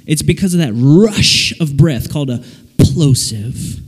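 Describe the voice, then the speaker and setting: A man giving a jokey, animated sermon to young people, acting out little voices as he goes. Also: fairly high pitch, a little slow, husky. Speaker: preacher. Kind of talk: lively sermon to a youth audience. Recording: long hall reverb.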